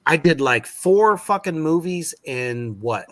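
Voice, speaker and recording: A man in casual podcast chat, talking slowly and emphatically about acting work and swearing freely. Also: a little high, expressive, a bit bright. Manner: slow, emphatic, swears a lot. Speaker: actor guest.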